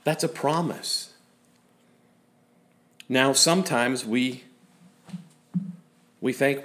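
A man's voice: mid-range voice, slow, vocal fry, long pauses. Conversational man preaching a sermon. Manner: conversational, self-deprecating asides. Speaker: pastor.

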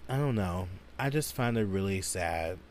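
A man's voice: low voice, expressive, moderate pace, darkish tone, slight background noise. A man hosting a solo podcast, ranting angrily and profanely with lots of filler words. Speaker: podcast host.

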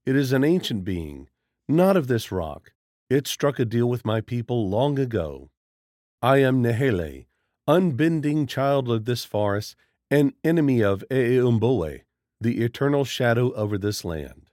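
A man voicing a calm, solemn male warrior of the forest who speaks in a measured, formal way in a storybook reading. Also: mid-range voice, no echo, studio quality.

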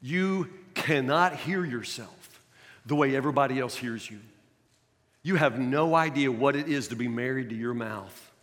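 A man's voice: medium pitch, moderate pace, a bit bright, in a large hall. An older man preaching a sermon as pastor, folksy and emphatic, full of rhetorical questions.

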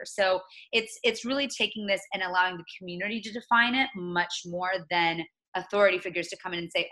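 A woman in her late twenties speaking as an interview guest, earnest and reflective, often pausing and restarting. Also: lowish voice, sharp tone, low-quality recording. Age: 20s. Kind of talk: conversational interview.

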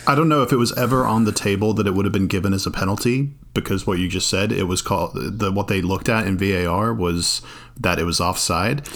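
A man in casual podcast chat, explaining his points in a measured way. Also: low-pitched, fairly even intonation, a bit bright. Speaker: podcast co-host.

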